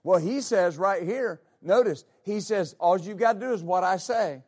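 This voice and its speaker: High-voiced preaching pastor. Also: male voice, moderate pace, darkish tone. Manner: emphatic, repeats words, calls out amen. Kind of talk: sermon.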